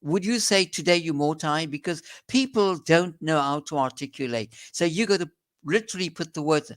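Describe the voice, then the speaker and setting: A man's voice: fairly high pitch, lively intonation, moderate pace. A man with a South African accent, a doctor explaining in an interview, earnest and emphatic, often restarting his sentences.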